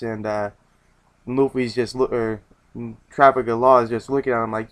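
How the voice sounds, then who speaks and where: A man's voice: medium pitch, flat delivery, moderate pace. Rambling man giving a casual review. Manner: rambling, with many restarts and casual swearing.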